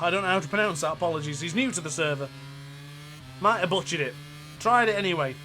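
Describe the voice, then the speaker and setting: A man with a northern English accent giving chatty, excitable gameplay commentary while racing, laughing often. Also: high-pitched.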